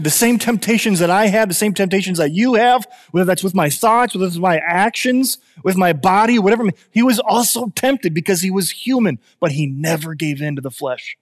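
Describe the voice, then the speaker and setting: A man in his thirties gives a lively, conversational sermon, circling back and repeating phrases as he builds his point. His voice sits a little high for a man. The long reverb of a church hall trails after his words. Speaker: pastor.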